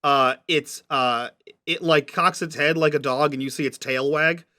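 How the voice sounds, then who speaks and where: Slightly high-voiced male game master. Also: steady tone, normal speed, sharp tone. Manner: descriptive, patient, checks what players mean. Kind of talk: narrating a tabletop game.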